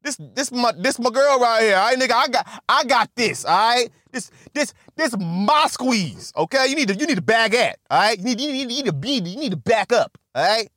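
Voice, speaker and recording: A man retelling a film plot in casual, profane, animated talk, often stammering and repeating himself. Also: very high-pitched, brisk, hardly any pauses, dry recording, studio quality. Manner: animated, repetitive, swears constantly, stammers on restarts. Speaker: movie recap vlogger.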